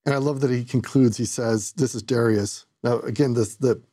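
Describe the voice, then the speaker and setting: A man's voice: medium pitch, fairly even intonation, moderate pace, mellow, breathy edge. A man co-hosting a conversational Bible lesson, explaining the story in a thoughtful way. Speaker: scripture study co-host.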